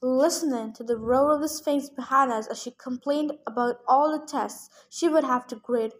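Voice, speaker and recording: Woman, high-pitched, reading a novel aloud, first-person narration, steady. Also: normal speed. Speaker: reader.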